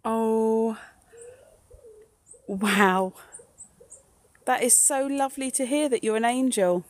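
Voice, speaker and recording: A woman's voice: fairly high pitch, slow pace, no echo. A woman livestreaming a ghost walk outdoors on her phone, chatting, joking with viewers and laughing often. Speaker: paranormal live streamer. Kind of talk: live-streamed ghost walk chat.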